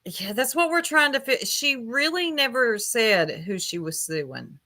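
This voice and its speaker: A woman's voice: fairly high pitch, very animated, unhurried, pushed and bright. A woman giving casual livestream commentary while reading chat aloud, blunt and gossipy, with casual swearing.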